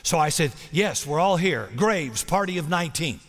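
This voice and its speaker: A man preaching a sermon, telling a story with big swings between loud, acted-out moments and soft, hushed appeals. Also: a little high, lively intonation, normal speed. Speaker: pastor. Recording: long hall reverb.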